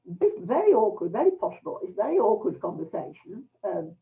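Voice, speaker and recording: A woman's voice: medium pitch, sing-song, fairly quick, creaky. An older woman from England telling a rambling anecdote to her history group over a video call, with many restarts and fillers. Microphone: computer mic on a video call. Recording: tinny distant video-call audio.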